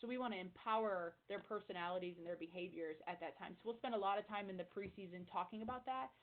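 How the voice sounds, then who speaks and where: A woman volleyball coach talking fast and energetically in a casual interview, over a tinny phone-like line. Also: mid-range voice.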